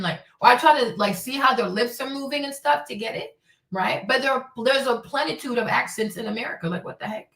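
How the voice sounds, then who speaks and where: A woman's voice: sits high, brisk, fairly bright tone. A woman hosting her own show, ranting casually in a blunt, profane, indignant way. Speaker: show host. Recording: roomy sound, mic at a distance.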